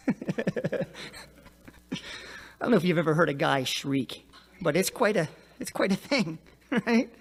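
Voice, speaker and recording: A male pastor delivering a sermon in a lively, conversational way. He jokes his way through the story and keeps turning to the congregation with little asides. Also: high-pitched. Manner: animated, jokey storytelling with asides.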